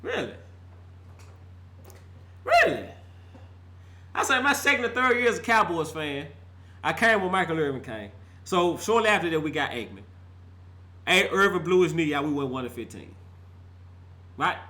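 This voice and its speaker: A middle-aged man vents as a fan vlogger, loud and fired up, laughing between lines. His voice sits high and swings widely in pitch. It has a bright, sharp edge, and he hammers points home by repeating them. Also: big pitch swings, normal speed, long pauses. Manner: fired-up, laughing, street slang, repeats for emphasis. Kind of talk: animated fan rant.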